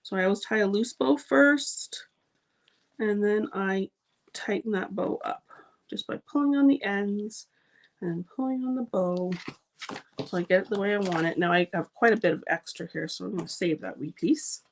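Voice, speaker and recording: A woman's voice: mid-range voice, normal speed, gravelly. Chatty woman hosting a crafting demo. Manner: chatty, gushing, frequent ums. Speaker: card-making channel host. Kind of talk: live crafting demonstration.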